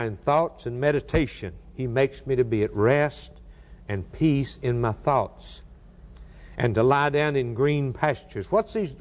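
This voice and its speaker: Older man, preacher, sermon delivery, big dynamic swings, reverberant hall. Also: mid-range voice. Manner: dramatic swings between soft and raised delivery.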